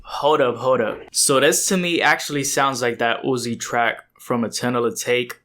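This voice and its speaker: A man's voice: medium pitch, fairly even intonation, moderate pace, fairly bright tone. A young man talks loosely through a music reaction video as its host, with lots of filler words and slang. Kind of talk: casual music reaction commentary.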